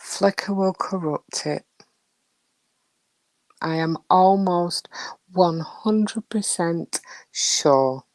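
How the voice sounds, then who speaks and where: A woman's voice: on the low side, very slow, long pauses, darkish tone, no echo. A woman hosting a casual live chat with her viewers, teasing and chatty as she answers them. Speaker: livestream host chatting with viewers.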